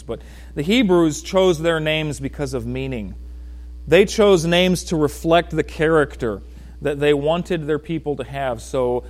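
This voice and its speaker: A man preaching a sermon in a folksy, joking way, talking straight to people in the congregation and swinging from loud emphasis to quiet asides. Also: on the high side. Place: church.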